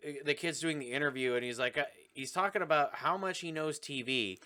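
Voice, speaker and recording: A man's voice: on the high side, fairly quick, bright, forceful tone. A man co-hosting a casual movie podcast, joking crudely and laughing often. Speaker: podcast co-host.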